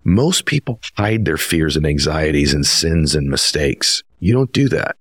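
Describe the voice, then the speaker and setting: A man's voice: extremely low pitch, big pitch swings, a little slow, breathy edge, dry recording, clean studio sound. A man hosting an interview, introducing his guest with earnest, emphatic storytelling. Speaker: podcast host.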